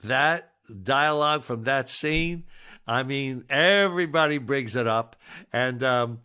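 A jovial podcast co-host with a bright, forceful tone. He talks slowly and takes his time, laughing often and nudging the conversation onward. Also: medium pitch, clear, resonant tone. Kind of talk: casual chat.

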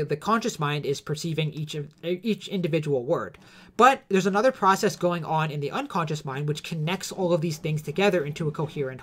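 Hesitant man giving a lecture. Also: on the high side. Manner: hesitant, many fillers and self-corrections. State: coughing. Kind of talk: unscripted explanatory lecture.

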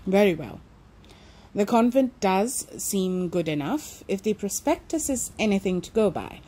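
A woman reading aloud voices a proud, insistent mother in an audiobook, raising her pitch and speaking emphatically. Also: expressive, a little slow, mellow, breathy edge. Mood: coaxing. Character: proud anxious middle-aged mother, sharp.

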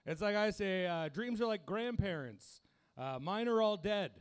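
A man's voice: high-pitched, animated, moderate pace, clean tone. A young man doing a crude, self-deprecating stand-up set, laughing at his own jokes. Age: young adult. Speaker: stand-up comedian.

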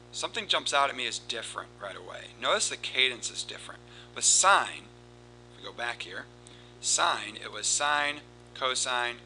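A man teaching a recorded math lesson, explaining steps in a steady, explanatory way and reciting formulas in a rhythmic cadence. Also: medium pitch, a little hiss or hum, poor audio. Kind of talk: recorded lesson with board work.

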